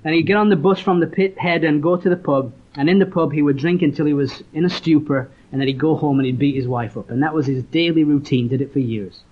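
Male preacher, fairly high voice, earnest storyteller, lo-fi sermon tape. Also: fast talker, few pauses, slightly rough. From Leeds, northern England. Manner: earnest storytelling, reads scripture aloud. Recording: dull lo-fi recording.

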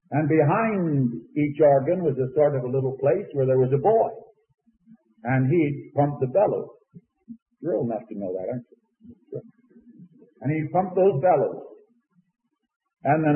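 An older man preaching a sermon in a folksy storytelling way, swinging from loud to soft. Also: on the high side. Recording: phone-like sound, long hall reverb.

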